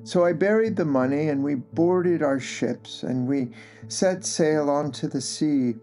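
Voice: medium pitch, measured pace, warm tone, faint music behind, lightly acted. A storyteller voicing an old merchant who recounts his own tale in an earnest, pleading way.

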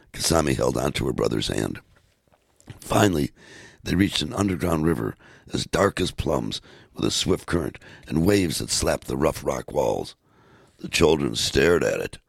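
A man reading a storybook aloud in a measured, steady way. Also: extremely low pitch, gravelly, husky, no room sound, clean studio sound. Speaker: narrator.

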